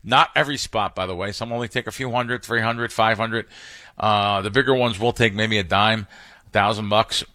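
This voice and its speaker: A man with a bright, forceful voice talks through betting like a seasoned pro on a podcast. He stumbles and restarts mid-sentence, then drives his points home with emphatic stories. The recording is dry and close, with no room sound. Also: on the low side, steady tone, moderate pace, no echo. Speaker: professional sports bettor, guest. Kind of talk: casual podcast conversation.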